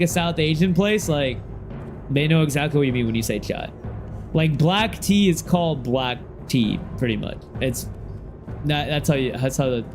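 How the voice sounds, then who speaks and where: A young man streaming a game, chatting in a loose, slangy way and now and then bursting into sudden excited shouts. His voice sits a little high for a man. Faint music plays behind him. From Ohio. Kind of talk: casual game stream chat.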